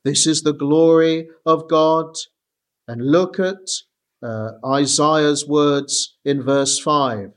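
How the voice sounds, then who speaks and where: Male preacher, high voice, slow deliberate delivery, emphatic sermon. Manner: slow and emphatic, reading scripture aloud deliberately.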